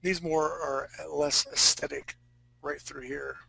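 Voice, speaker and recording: A man's voice: on the high side, steady tone, takes it slowly, vocal fry, bright, forceful tone, husky, no echo, rough recording. A man teaching a live fantasy-art drawing class, talking casually and joking with his students. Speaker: art instructor.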